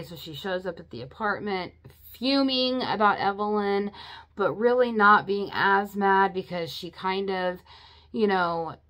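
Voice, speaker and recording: A woman's voice: medium pitch, fairly bright tone. Chatty, emotional woman recapping a book. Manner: chatty and emotional, many "you know" and "like" fillers. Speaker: book reviewer. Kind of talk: casual spoken book recap.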